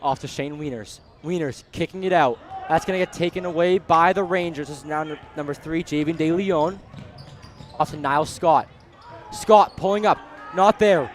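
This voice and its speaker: A young man calling a high school basketball game play-by-play, partisan and excitable, shouting on big plays. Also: normal speed. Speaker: play-by-play commentator. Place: school gymnasium.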